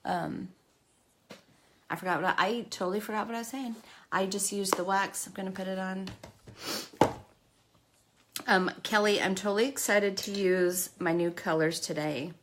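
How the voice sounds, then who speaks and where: A woman's voice: medium pitch, moderate pace, long pauses, a bit bright, slight background noise. A woman hosting a live makeup stream, chatty and emotional, talking to her viewers by name. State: tearful at times. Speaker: makeup livestream host. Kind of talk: casual live makeup chat.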